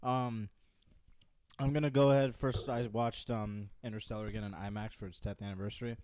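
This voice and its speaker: A young man in casual chat as co-host, talking earnestly and halting now and then with fillers and restarts. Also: on the low side, level tone, darkish tone, smooth, no room sound. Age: young adult.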